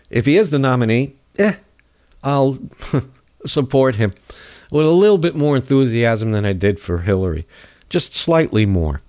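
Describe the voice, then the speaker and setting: A man's voice: mid-range voice, darkish tone. A man hosting a show, ranting sarcastically about politics, his voice stuffed up with a cold. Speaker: podcast host. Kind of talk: political commentary rant.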